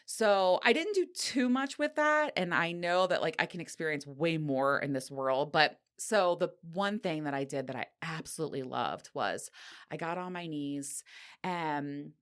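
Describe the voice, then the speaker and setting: Low-voiced woman, frank and giggly. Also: lively intonation, a little slow. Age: middle-aged. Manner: frank, breathless and giggly, with sighs and laughs. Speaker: podcast host. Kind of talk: candid solo podcast monologue.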